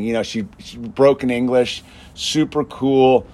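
A man ranting in a casual monologue, emphatic and constantly saying "dude", swinging between loud bursts and low mutters. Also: fairly even intonation, unhurried. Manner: emphatic, peppers speech with "dude". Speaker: show host.

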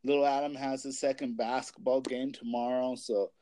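A man's voice: medium pitch, little pitch movement, moderate pace, mellow, dry recording. A young man in casual chat, rambling with lots of filler words and swearing as he talks about his family. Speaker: parent and kids' basketball coach.

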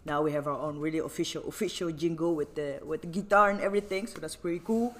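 A man's voice: fairly high pitch, fairly even intonation, fast talker, a bit bright. A young man hosting a casual podcast, rambling and giggly, often cutting himself off mid-sentence. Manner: rambling, giggly, self-interrupting. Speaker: podcast host.

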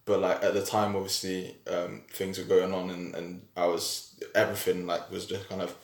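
Man, podcast host, lowish voice, reflective and open, echoey room. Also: level tone, moderate pace, creaky. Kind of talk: casual chat.

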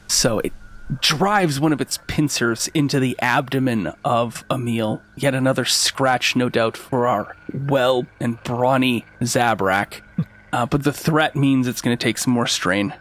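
Male game master, unhurried vivid narration, mid pitch. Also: fairly bright tone.

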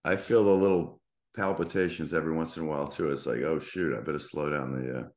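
A man with a softened Boston accent hosts a relaxed interview and rambles along with plenty of fillers. His voice sits very low. The room around him is noticeably echoey. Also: fast talker. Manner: chatty, filler-heavy, rambling. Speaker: podcast host. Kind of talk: casual interview.

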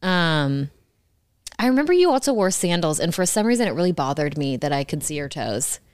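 A woman in her thirties co-hosting a casual podcast, her voice smooth and clear and a little low for a woman. She jokes and banters with easy laughter. The sound is close and dry. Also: big pitch swings, a little fast, no room sound. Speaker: podcast co-host. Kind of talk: casual chat.

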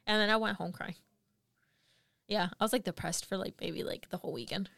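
A young woman co-hosting a podcast, telling work stories in casual chat, animated and laughing often. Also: mid-range voice, brisk, vocal fry, pauses often, dry recording. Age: young adult. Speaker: podcast co-host.

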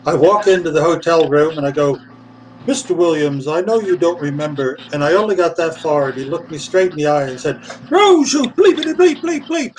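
Man, puppeteer guest, lively anecdote, slightly higher voice, heard a bit off-mic. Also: far from the mic, a little hiss or hum, poor audio. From England. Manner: lively storyteller, acts out voices, laughs often. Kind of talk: animated anecdote telling.

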